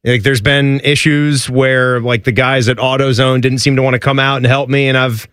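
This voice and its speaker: A man hosting a radio talk show, relaxed and laughing easily as he leads the chat. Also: mid-range voice, moderate pace, smooth, no echo, clean studio sound. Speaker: radio host. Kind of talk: casual chat.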